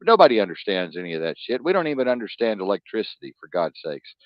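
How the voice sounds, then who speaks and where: A man's voice: on the low side, big pitch swings, fast, dry recording. A man hosting a talk show, ranting bluntly and profanely in a rambling, emphatic way. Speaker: podcast host. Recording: dull lo-fi dry sound.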